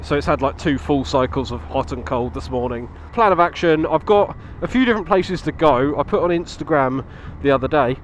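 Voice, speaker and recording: A motovlogger rides a motorbike on country roads, chatting casually into his helmet mic, laughing often and swearing now and then. His voice is medium-pitched, and the audio is dull with a little hiss or hum.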